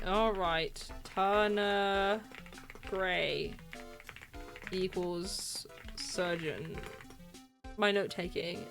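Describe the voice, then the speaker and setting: A woman streamer chatting excitably and laughing often while playing through a video game live. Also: lowish voice, extremely slow, long pauses, faint music behind. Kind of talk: live game playthrough commentary.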